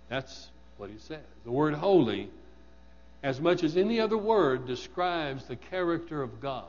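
A man's voice: a little high, sing-song, a little slow, a little mellow, long reverb tail, dull audio. A man preaching a sermon, asking his congregation questions and repeating words for emphasis.

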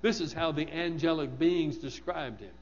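A man's voice: a little high, moderate pace, big-room sound, muffled recording. A man preaching a sermon, asking his congregation questions and repeating words for emphasis.

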